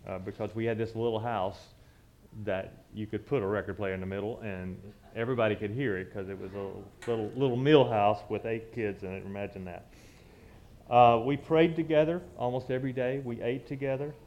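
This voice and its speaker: A man's voice: on the low side, fairly even intonation, brisk, lo-fi sound. A man, telling a personal story from the pulpit in a conversational, reminiscing way with frequent restarts. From southern United States. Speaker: church speaker.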